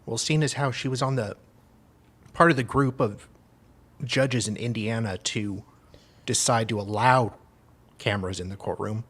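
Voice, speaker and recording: A man's voice: mid-range voice, moderate pace, long pauses, fairly bright tone, husky. A man co-hosting a live stream, reading viewer comments and adding dry remarks. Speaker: co-host. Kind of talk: casual live stream chat.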